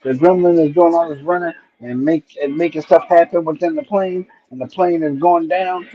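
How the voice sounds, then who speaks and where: Middle-aged guy rambling through old stories on his stream, keeps saying right? and you know, kinda high voice, muffled lo-fi mic. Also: steady tone, normal speed. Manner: rambling retelling, frequent "right?" and "you know" check-ins. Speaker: stream host. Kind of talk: casual nostalgic storytelling. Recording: dull lo-fi stream audio.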